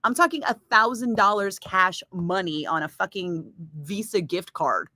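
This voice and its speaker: A woman radio DJ chatting casually with viewers, telling a story in a lively, swearing style and acting out the other people's lines. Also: medium pitch, normal speed, dry recording. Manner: chatty storyteller, swears freely, acts out voices. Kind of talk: casual chat.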